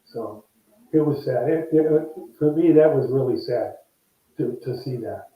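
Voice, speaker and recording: A man's voice: medium pitch, a little slow. Older man telling stories, echoey far line. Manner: animated, acts out quoted voices. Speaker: guest, former ballplayer. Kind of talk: casual storytelling interview. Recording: echoey, distant, dull remote line.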